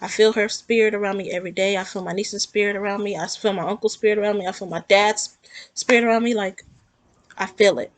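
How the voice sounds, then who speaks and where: A woman's voice: medium pitch, fairly even intonation, fast, no echo. A woman talking earnestly and emotionally in a rambling, heartfelt vlog about her own grief. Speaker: vlogger. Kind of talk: personal talk to camera about grief.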